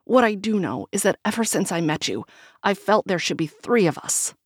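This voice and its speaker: A woman's voice: on the low side, sing-song, measured pace, breathy edge, no room sound, clean studio sound, heavily acted. A woman voicing an earnest, frustrated husband in an audiobook, speaking in a pleading, insistent tone. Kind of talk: audiobook character reading.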